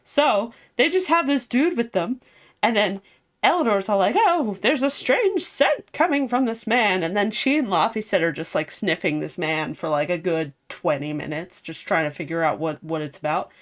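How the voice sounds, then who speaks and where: A game streamer with a lowish voice recaps a video game story at a moderate pace. She's casual, chatty, and rambling, with lots of fillers.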